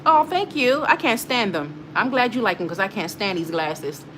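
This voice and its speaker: A woman hosting a casual livestream, reading viewer comments aloud, animated and emotional, often repeating herself. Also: on the low side, normal speed, noisy background. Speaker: livestream host.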